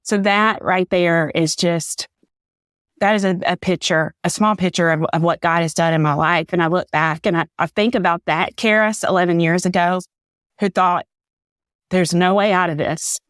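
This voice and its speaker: A woman's voice: lowish voice, steady tone, moderate pace, a bit bright, clean tone, no room sound, clean studio sound. A woman, a podcast guest giving an earnest, faith-filled personal testimony, a little teary. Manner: earnest, faith-filled storytelling, says "y'all".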